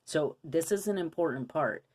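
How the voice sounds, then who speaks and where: Low-voiced woman giving a card reading. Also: animated, normal speed, darkish tone, breathy edge. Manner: earnest, coaching, many rhetorical questions. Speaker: intuitive card reader. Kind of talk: casual spiritual card reading for viewers.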